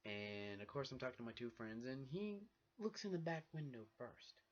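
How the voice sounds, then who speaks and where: A young man vlogging casually, telling a personal story in an animated way and acting out what people said. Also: mid-range voice, moderate pace. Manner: animated, acts out the dialogue of people in his stories. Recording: dull lo-fi recording.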